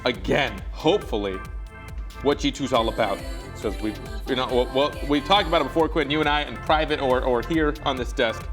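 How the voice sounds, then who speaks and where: A man's voice: medium pitch, brisk, over music. A man co-hosting an esports desk show, chatting in a playful, jokey way. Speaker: co-host analyst. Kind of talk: casual esports desk chat.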